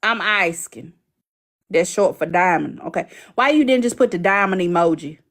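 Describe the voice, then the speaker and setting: A woman's voice: on the low side, lively intonation. A woman hosting a live stream, chatting casually and teasing her viewers. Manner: chatty, teasing, drawn-out asides.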